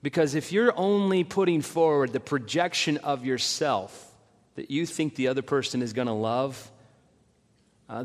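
A middle-aged man, a pastor, preaching a sermon and acting out the voices of people he quotes with animated intensity. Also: medium pitch. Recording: long reverb in a large hall.

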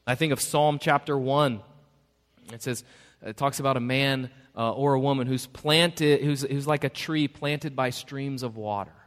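A pastor delivers a sermon in an unhurried, mid-range, fairly bright voice, staying conversational and poking fun at himself while acting out the voices he quotes. A long church-hall reverb surrounds the recording.

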